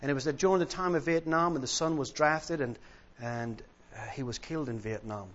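A man's voice: a little high, a little fast, a bit bright, highs cut off. Emphatic male preacher in a sermon. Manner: emphatic, with repeated parallel phrases. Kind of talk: sermon with an illustrative story.

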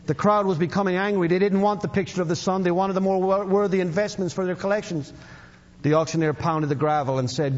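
A man preaching a sermon, telling a story and leading a prayer, emphatic, with his voice lifting for emphasis and sinking low and slow as he prays. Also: fairly even intonation. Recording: dull sound with long hall reverb.

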